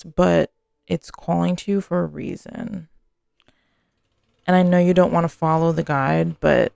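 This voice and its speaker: Chatty tarot reader with a gravelly edge. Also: female voice, on the low side, no echo. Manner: chatty, filler-heavy, swears casually. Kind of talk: casual tarot reading to camera.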